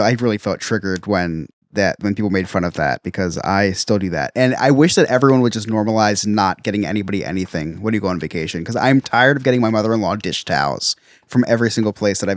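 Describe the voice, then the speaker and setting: A man's voice: on the low side, dry recording, clean studio sound. A man in his thirties hosting a casual podcast chat, talking in a chatty way with many stammered restarts. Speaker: podcast host.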